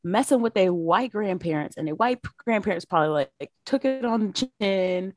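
A woman's voice: mid-range voice, animated, moderate pace, no echo. A woman co-hosting a casual podcast, scolding in mock indignation with emphatic, repeated lines. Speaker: podcast co-host. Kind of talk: casual chat.

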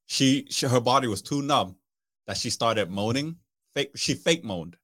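A man's voice: medium pitch, unhurried, dry recording, studio quality. A man in casual podcast chat, swearing freely and laughing through his stories. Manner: profane, laughs often, animated storytelling.

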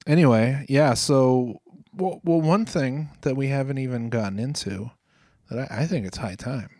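A man's voice: medium pitch, moderate pace, dark tone, no room sound, studio quality. A man co-hosting a podcast in casual chat, jokey and rambling, swearing now and then. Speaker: podcast co-host.

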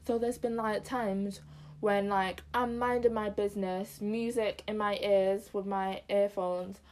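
A young woman from Zimbabwe co-hosts a relaxed conversation. She speaks at a middle pitch and fills her sentences with "like" and "um". Her tone is easygoing and conversational. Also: measured pace, a little hiss or hum. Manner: chatty, many fillers like "like" and "um". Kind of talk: casual chat.

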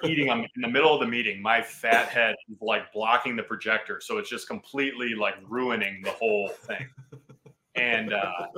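Guest spot: lower-pitched man with a bright, forceful tone, animated storyteller who laughs often. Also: low-quality recording. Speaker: guest, football player. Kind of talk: casual storytelling on a podcast.

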